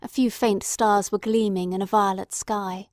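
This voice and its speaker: A woman reading a classic novel aloud as an audiobook narrator, in a measured, dramatic storytelling manner. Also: medium pitch, steady tone, no room sound, studio quality. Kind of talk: scripted narration.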